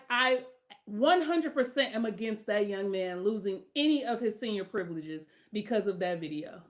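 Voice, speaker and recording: A middle-aged woman hosting her own podcast, talking casually and bluntly with strong opinions, now and then rising into loud emphatic outbursts. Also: high voice. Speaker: podcast host. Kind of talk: casual solo podcast rant.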